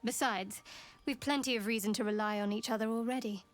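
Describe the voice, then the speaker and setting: A woman's voice: on the high side, steady tone, fairly quick, faint music behind, natural voice. Shadowheart, a woman playing a guarded cleric. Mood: cool. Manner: cool, reserved, dry. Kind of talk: video game voice acting.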